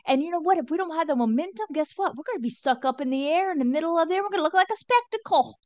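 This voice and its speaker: A woman's voice: very high voice, animated, racing. A woman co-hosting a casual Christian talk, speaking with fervent, preacherly affirmations. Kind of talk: casual faith chat.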